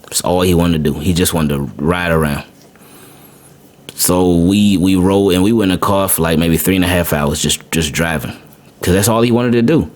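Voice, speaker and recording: A man's voice: deep voice, normal speed. A man hosting a podcast, telling a personal story casually, often repeating words and adding "man". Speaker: podcast host. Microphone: podcast microphone.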